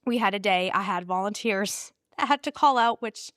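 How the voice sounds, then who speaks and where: A woman guest telling an earnest personal story in a casual interview, laughing often and animated in her retelling. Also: mid-range voice, moderate pace, dry recording, studio quality. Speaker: pregnancy center staff guest.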